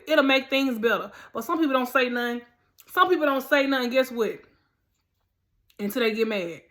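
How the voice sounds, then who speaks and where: A woman's voice: a little high, pushed and bright. A woman hosting a faith podcast, talking straight to listeners in an emphatic, direct, preachy way. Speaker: podcast host. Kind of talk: casual motivational monologue.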